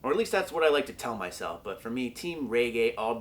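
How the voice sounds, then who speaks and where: In a training vlog, a young male powerlifting vlogger chats casually in a mid-range, sing-song voice at a slightly quick pace. He's laid-back and jokey and lets the occasional swear word slip.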